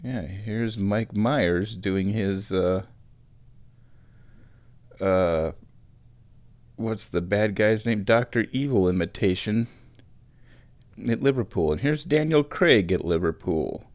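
A man's voice: lowish voice, takes it slowly, pauses often, no echo. A young man hosting a casual solo show, rambling and correcting himself with chuckling asides while he watches football. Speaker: show host, committee chairman.

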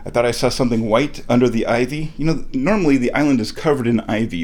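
A man casually telling a story at home about finding golf balls. He laughs often and gets worked up, his voice jumping high when he is thrilled. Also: darkish tone. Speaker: vlogger telling a golf ball hunting story. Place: kitchen at home.

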